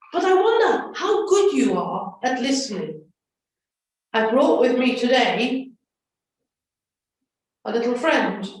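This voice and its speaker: A woman leading a children's school assembly, giving slow, gentle instructions. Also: sits high. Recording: echoey room from far off.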